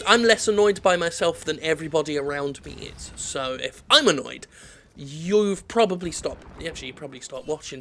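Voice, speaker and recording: A man's voice: on the high side, gravelly, a bit bright, a little hiss or hum. A man giving rambling, sweary, self-deprecating commentary over his own gameplay, drifting off on tangents. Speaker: gaming video host.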